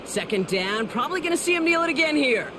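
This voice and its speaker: A woman voicing the play-by-play announcer in a football video game, calling the action in a brisk, energetic way. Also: high-pitched. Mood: upbeat. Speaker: play-by-play commentator. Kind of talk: scripted sports commentary. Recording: loud game noise underneath.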